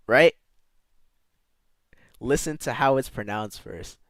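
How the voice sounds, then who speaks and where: Streaming live, a man chats casually with his viewers, tossing in slangy asides and playfully sounding out foreign words. His mid-range voice is fairly bright, at a moderate pace with frequent pauses, and there's no room sound.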